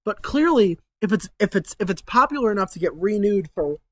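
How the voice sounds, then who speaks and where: A man's voice: high-pitched, lively intonation, fairly quick, fairly bright tone, no echo. A man hosting his channel in a casual rambling monologue, sarcastic and swearing, with lots of fillers. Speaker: channel host.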